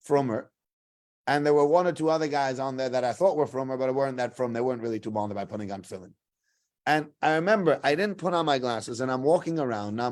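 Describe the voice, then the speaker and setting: A middle-aged man gives a relaxed, conversational sermon as a rabbi. His voice sits slightly high for a man. He rambles through anecdotes and quotes the people in them as he goes. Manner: chatty storyteller, acts out quotes, laughs often. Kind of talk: casual sermon with stories.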